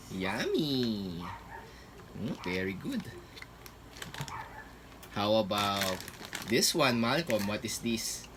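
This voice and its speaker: A father with a lowish voice quizzes his children in a snack guessing game at home, coaxing them playfully in a sing-song way and heaping on praise. He speaks extremely slowly with long pauses and big pitch swings, and the home recording is noisy.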